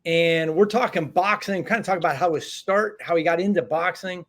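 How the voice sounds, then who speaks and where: A man's voice: high voice, fairly bright tone. A man hosting an interview podcast, stammering and repeating words as he frames his questions. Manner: halting, stammering repeats, enthusiastic. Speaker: podcast host.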